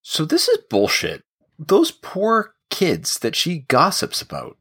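A man's voice: on the high side, huge pitch swings, takes it slowly, fairly bright tone, husky. A man co-hosting a podcast in casual chat, sarcastic and rambling. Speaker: podcast co-host.

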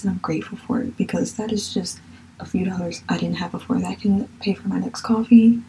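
A young woman hosts a podcast in loose, rambling casual chat, dropping fillers and the odd swear word. Her voice is warm and darkish, with a gravelly fry at the edges. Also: lowish voice, fairly even intonation, a little fast, a little hiss or hum, rough recording. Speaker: podcast host.

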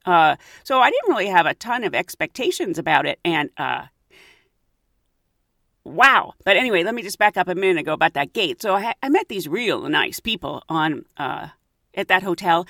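A woman's voice: lowish voice, very animated, moderate pace, gravelly, fairly bright tone, dry recording, studio quality. A woman casually telling a travel story, acting out the voices of the people in it and laughing often.

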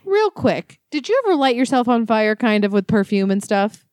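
A woman's voice: on the high side, sing-song, moderate pace, a little mellow, no room sound, studio quality. A woman in her late twenties co-hosting a podcast, giggly and crude, telling dramatic stories. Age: late 20s. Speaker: podcast co-host. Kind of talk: casual chat.

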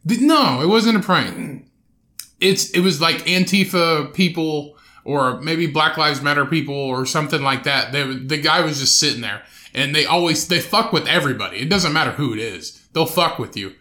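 A man's voice: fairly high pitch, expressive, normal speed. Ranting, foul-mouthed podcast man. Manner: profane, ranting, acts out quoted people loudly. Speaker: podcast co-host. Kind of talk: casual podcast chat.

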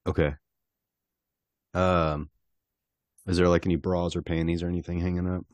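A man playing his character in a tabletop game, talking in a playful, drawling, mock-gentle way. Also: sits low, little pitch movement, moderate pace, no echo. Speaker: player. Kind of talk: tabletop role-play.

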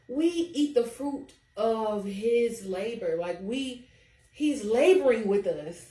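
A woman co-hosting a casual faith chat, animated and testifying, laughing often. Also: on the high side. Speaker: podcast co-host. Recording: roomy sound from a distance.

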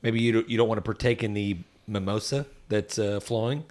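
A man with a somewhat low voice chatting casually on a podcast. He rambles through his thoughts with plenty of "uh" and "I mean", joking with the others as he rates a beer. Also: a little fast, darkish tone. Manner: rambling, joking, with many fillers. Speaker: podcast co-host, barbecue team member. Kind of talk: casual beer-review chat.

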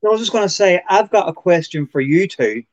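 A man's voice: high-pitched, expressive, brisk, lo-fi sound. A man co-hosting a casual podcast, building up to a question in a storytelling way. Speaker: podcast co-host. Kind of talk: casual chat.

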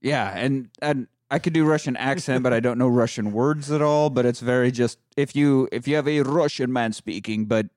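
A man telling a movie's plot in loose, profane podcast chat. His voice sits at a middle pitch and sounds dry and close, with little room around it. He jumps between storytelling and jokes. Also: moderate pace, few pauses, no room sound. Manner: animated storytelling with crude humor. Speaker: podcast host recapping a film. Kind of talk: casual chat.

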